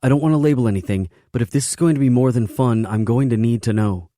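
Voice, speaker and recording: A male narrator voicing a sharp-tongued young woman, his voice pitched up, loud and pushing back. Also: fast talker, dry recording, studio quality, natural voice. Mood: demanding.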